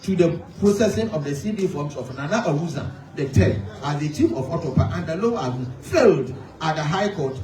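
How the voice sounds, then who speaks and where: A man's voice: on the high side, expressive, a little fast, hardly any pauses, darkish tone, faint music behind. A man with a Ghanaian accent, a traditional authority spokesman delivering a formal, emphatic press statement. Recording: echoey room, mic at a distance.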